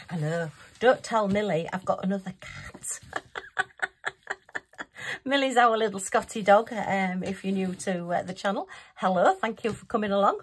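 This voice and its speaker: A woman's voice: mid-range voice, a bit bright, a little hiss or hum. A woman hosting a craft channel, chatting through a casual unboxing review, giggly and poking fun at herself. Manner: chatty, giggly and self-mocking.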